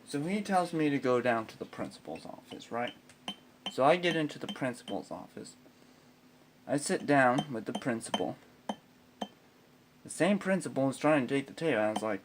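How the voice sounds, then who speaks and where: A man's voice: mid-range voice, big pitch swings, normal speed, long pauses, noisy background. A teenage boy telling a profane comic story about school, ranting with constant swearing and exasperation. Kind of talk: profane comedic storytelling with guitar.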